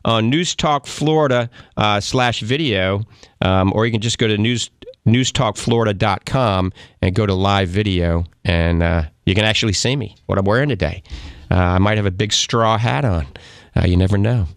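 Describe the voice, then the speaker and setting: A man's voice: on the low side, moderate pace, smooth, dry recording. A man with a Cajun New Orleans accent hosting a live call-in radio show, chatty and folksy, often checking in with "all right?". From Louisiana. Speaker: radio talk show host and doctor.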